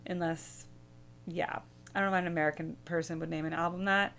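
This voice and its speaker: A woman's voice: on the low side, fairly even intonation, fairly quick, vocal fry, fairly bright tone. A young woman hosting a music reaction video, musing casually and humming bits of melody as she rambles.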